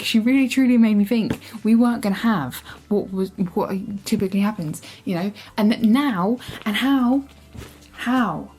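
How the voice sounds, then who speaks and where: A young woman reacting out loud to a book she is reading, exasperated, swearing and scolding the characters, sometimes dropping to a whisper. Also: fairly high pitch, expressive, normal speed. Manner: drops into whispers at times. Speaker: book vlogger. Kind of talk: casual reading vlog reactions.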